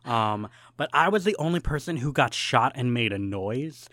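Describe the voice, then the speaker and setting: A young man co-hosting a podcast, telling an animated story with lots of laughs and fillers. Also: mid-range voice, moderate pace, dry recording. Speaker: podcast co-host. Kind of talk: casual chat, storytelling.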